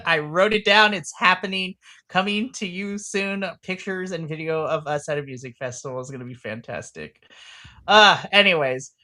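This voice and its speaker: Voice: mid-range voice, normal speed, sharp tone. A game master of a tabletop role-play podcast, chatting and narrating in a rambling, playful way, often laughing.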